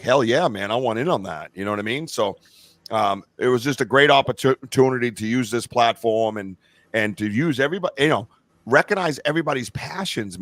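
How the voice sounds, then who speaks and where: A man's voice: mid-range voice, a bit bright, no echo. A middle-aged man hosting a live-stream podcast, chatting casually in a rambling, profane and enthusiastic way. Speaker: podcast host. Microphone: remote stream call.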